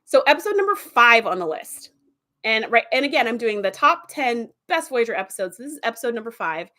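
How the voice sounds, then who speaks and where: An animated woman hosting a vlog, telling episode plots in a casual, rambling way. Her voice sits fairly high and she fills her talk with "like" and "um.". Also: a little fast. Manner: animated, chatty, with fillers and laughs. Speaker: TV episode reviewer.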